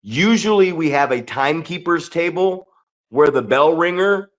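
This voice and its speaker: A man co-hosts a podcast, telling a long story in loose, rambling fashion and swearing freely. He keeps tossing in "right?" to check his listener is following. His voice sits a little higher than most men's. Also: expressive, moderate pace. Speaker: podcast co-host and pro wrestler.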